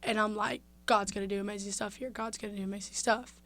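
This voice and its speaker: A woman's voice: mid-range voice, fast. A young woman, a podcast guest telling a heartfelt story in casual conversation. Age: young adult. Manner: heartfelt, animated, drops to a hush at tender moments.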